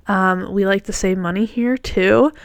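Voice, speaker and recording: A woman's voice: medium pitch, fairly even intonation, a little slow, vocal fry, no echo. A woman hosting her own podcast, chatting casually and encouragingly in her morning voice, with fillers and self-corrections as if talking to a friend. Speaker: podcast host. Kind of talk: casual solo podcast talk.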